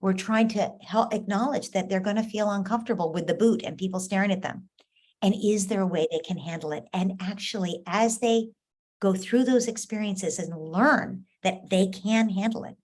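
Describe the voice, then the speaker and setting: A middle-aged woman coaching a parent through a worry, her voice sitting in a plain middle range. She talks gently and patiently, slipping into short acted lines of child and parent to show what to say. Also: medium pitch, normal speed.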